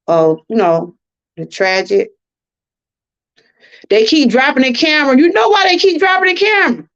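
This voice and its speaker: Impassioned woman livestreaming. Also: fairly high pitch. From Georgia, US. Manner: impassioned, preachy, addresses viewers as y'all. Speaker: livestream host. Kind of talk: emotional livestream talk. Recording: dull lo-fi livestream audio.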